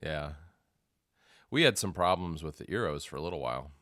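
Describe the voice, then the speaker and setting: A man's voice: a bass voice, lively intonation, a little fast, a bit bright, no room sound, clean studio sound. A man co-hosting a podcast, chatting casually and rambling, often restarting his sentences. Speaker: podcast co-host. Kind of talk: casual chat.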